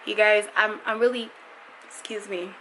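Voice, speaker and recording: A young woman talks to her camera about raising her son, frank and emotional, with a bright, forward voice. A light background hum sits under her words. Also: mid-range voice, fairly even intonation, a little slow, poor audio. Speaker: vlogger, mother. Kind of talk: candid vlog monologue.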